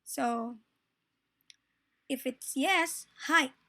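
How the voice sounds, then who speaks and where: High-voiced Filipino woman teaching grammar. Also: pushed and bright. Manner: polite, mixes Tagalog and English, careful slow Japanese examples. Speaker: Japanese language teacher. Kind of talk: casual grammar lesson.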